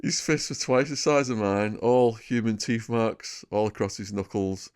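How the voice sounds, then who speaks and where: A man in his fifties with a northern English accent and a somewhat low voice, spinning lively stories as a podcast guest. He tells his anecdotes loosely and often laughs at them himself. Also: measured pace, clear, resonant tone. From England. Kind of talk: casual storytelling interview.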